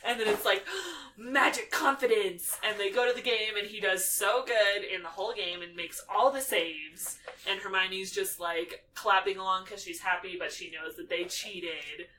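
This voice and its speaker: Bright-voiced woman recapping a film. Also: medium pitch, moderate pace, far from the mic, slight background noise, rough recording. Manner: animated, acts out quotes in character voices. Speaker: podcast co-host. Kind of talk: casual movie recap chat.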